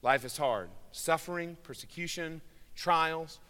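A man preaching a sermon with earnest emphasis, rising loud on key words and dropping low and quiet. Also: a little slow, smooth. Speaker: pastor. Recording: long hall reverb.

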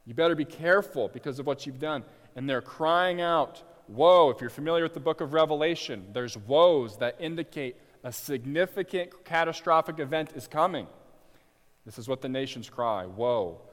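A man preaches an expository sermon at a middling pitch, slowing to drive points home and rising loud on the cries he quotes. His voice rings with a long reverb, as in a church sanctuary. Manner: dynamic preaching, slows for emphasis, swells loud on quoted cries. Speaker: pastor.

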